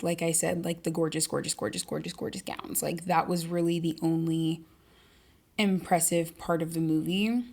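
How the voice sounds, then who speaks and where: A young adult woman hosting a podcast, talking casually and animatedly about a book and its film, full of "like" fillers and loose swearing. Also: fairly low pitch. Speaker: podcast host. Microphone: camera-recorded podcast.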